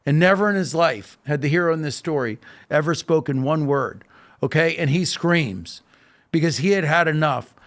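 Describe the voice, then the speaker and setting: A man's voice: on the high side, moderate pace, a bit bright. A man speaking as a podcast guest, telling a story with emphasis, often checking in with "okay?" and restarting with fillers. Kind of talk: animated casual talk.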